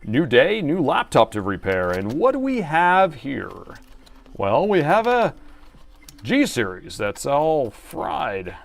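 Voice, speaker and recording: A man's voice: on the high side, wildly swooping pitch, creaky, pitched above the performer's own voice, heavily acted. A man putting on the voice of an upbeat male TV announcer, stretching his words theatrically. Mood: showy. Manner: theatrical, drawn-out delivery.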